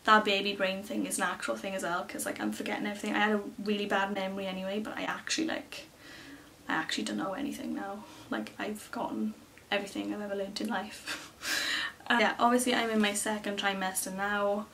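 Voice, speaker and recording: A young woman in her early twenties chats to camera in a loose, rambling way, full of fillers and excited retelling. Her voice sits at an ordinary middle pitch. The mic is set back a little, with a faint hiss behind. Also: fast talker, far from the mic. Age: early 20s. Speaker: beauty vlogger. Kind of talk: casual chatty storytelling to camera.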